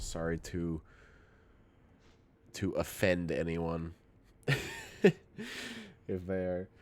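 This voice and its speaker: Male streamer, low voice, slow delivery, slightly tipsy, profane rambling chat. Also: a little mellow, a little hiss or hum. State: a little tipsy. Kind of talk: casual chat while gaming.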